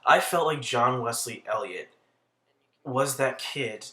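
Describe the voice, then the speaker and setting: Bright-voiced young man ranting casually. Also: mid-range voice, slow pace. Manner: crude, heavy swearing, rambling. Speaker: commentary channel host. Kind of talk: casual video commentary.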